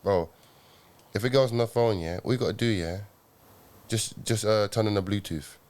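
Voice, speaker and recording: A man's voice: lowish voice, moderate pace, darkish tone. A young man, telling a story on a podcast in a rambling, slang-filled way, tagging lines with "yeah?". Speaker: podcast co-host. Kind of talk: casual chat.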